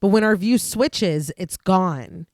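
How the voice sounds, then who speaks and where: A woman co-hosting a podcast, narrating a detailed film plot recap in a steady voice. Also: mid-range voice, slow, no echo, clean studio sound. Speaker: podcast co-host.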